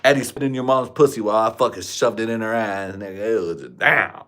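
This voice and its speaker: A man rambling through crude trash talk on a home livestream, his voice sitting at an ordinary pitch. He talks into a desk mic in a room at home, loose and unfiltered. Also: fairly even intonation, brisk, fairly bright tone. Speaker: livestream host. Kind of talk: crude casual livestream chat. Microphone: desk microphone.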